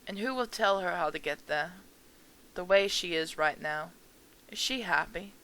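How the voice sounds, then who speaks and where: A woman's voice: lowish voice, moderate pace, sharp tone, low-quality recording. A woman doing a frail grieving old mother. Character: grieving elderly mother at a funeral, gentle.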